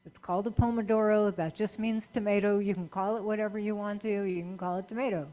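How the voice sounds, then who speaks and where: A woman's voice: mid-range voice, quick pace, rough recording. Woman, middle-aged, guest speaker, personal, chatty, talk to writers. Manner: warm, personal, chatty with lively emphasis. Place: meeting room.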